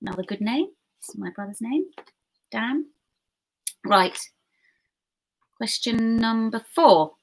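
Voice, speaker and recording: A woman hosting an online pub quiz, reading questions slowly and chatting and giggling with viewers in between. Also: a little high, animated. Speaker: quiz host.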